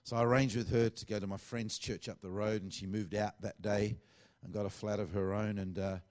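Middle-aged pastor, lowish voice, chatty sermon storytelling. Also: male voice, fairly quick. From Australia. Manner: conversational, animated storytelling with quoted dialogue.

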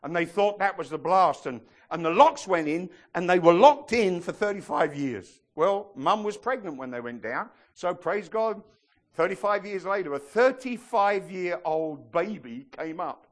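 A man preaching a sermon, telling stories with animated shouted impressions. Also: high voice, measured pace. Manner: animated storytelling, bursts into excited shouted impressions.

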